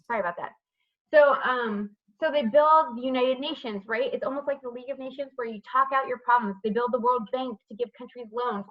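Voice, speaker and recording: A woman's voice: on the high side, fairly quick, lo-fi sound. A woman teaching history over a video call, asking students questions by name and checking with "right?". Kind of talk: online class lecture with questions. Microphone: computer mic on a video call.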